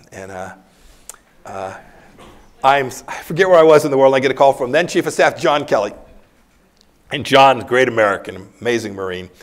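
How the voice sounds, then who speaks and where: A middle-aged man speaks from a university lecture hall in a plain mid-range voice. He answers audience questions candidly and slips into animated anecdotes, laughing as he goes. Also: mid-range voice. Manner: candid, anecdotal, laughs while telling stories. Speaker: former secretary of state, guest speaker. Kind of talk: campus lecture Q&A, storytelling.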